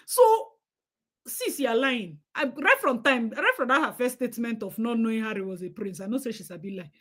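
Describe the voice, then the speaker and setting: A Nigerian woman with a high voice hosts a live stream. She talks straight to her viewers, giving pointed opinions with emphasis. She switches easily into Nigerian Pidgin. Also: animated, brisk, fairly bright tone.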